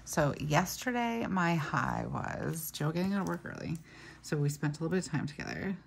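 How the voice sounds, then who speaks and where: A woman with a very deep voice and a gravelly edge chats casually about her week while she fills in a planner. She rambles through her stories with frequent asides, and a faint hiss sits under the recording. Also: lively intonation, moderate pace. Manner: chatty, storytelling, trails off into asides. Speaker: planner vlogger.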